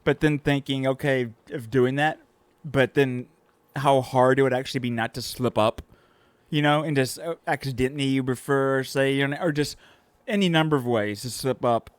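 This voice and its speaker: A man's voice: mid-range voice, moderate pace, clear, resonant tone, dry recording. A man co-hosting a podcast in casual chat, rambling and trailing off mid-thought. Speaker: podcast co-host.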